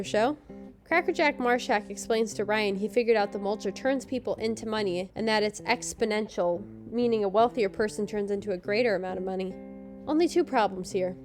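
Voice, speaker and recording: A woman with a somewhat high voice co-hosts a podcast and tears through a TV episode with sarcastic jokes. Faint music plays under her talk. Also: a little mellow. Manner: sarcastic, snarky commentary. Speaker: podcast co-host. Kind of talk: comedic episode recap.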